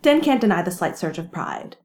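A woman reading a fan story aloud with lively, wry storytelling. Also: lowish voice, fairly quick. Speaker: reader. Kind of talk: fan fiction narration.

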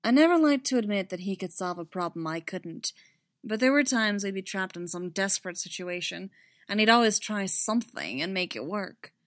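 A woman reading a story aloud and voicing an older rebel leader and mother who speaks softly and reflectively. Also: mid-range voice, animated, normal speed, no room sound, studio quality, lightly acted. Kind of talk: audiobook reading.

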